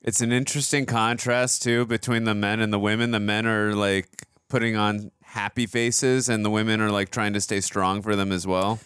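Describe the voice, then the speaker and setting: A man's voice: lowish voice, little pitch movement, normal speed, few pauses, a bit bright, clean tone. A man co-hosting a movie reaction, giving earnest, emotional reactions in casual chat.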